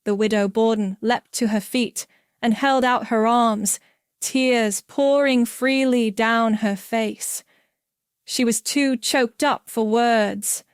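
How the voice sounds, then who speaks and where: A woman's voice: a little high, fairly even intonation, no room sound. Woman narrating a story, dry close sound. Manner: clear, measured reading. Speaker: audiobook reader.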